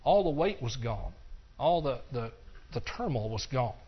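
An older man giving a personal testimony sermon, earnest and repetitive, dropping to hushed stretches and rising into passionate bursts. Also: mid-range voice, very animated, measured pace, husky. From Texas. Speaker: preacher. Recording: dull lo-fi recording.

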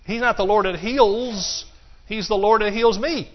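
Man, pastor, emphatic preaching in a church, slightly high voice, muffled lo-fi sound. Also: unhurried. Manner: emphatic preaching, shouts of hallelujah. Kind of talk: sermon. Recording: muffled lo-fi sermon recording.

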